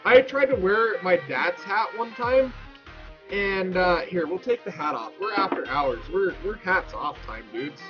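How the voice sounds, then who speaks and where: A man in his thirties telling a story to his Twitch chat, rambling and excitable with lots of restarts. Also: high-pitched, unhurried, muffled recording, music in the background. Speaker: Twitch streamer. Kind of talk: casual storytelling to stream chat.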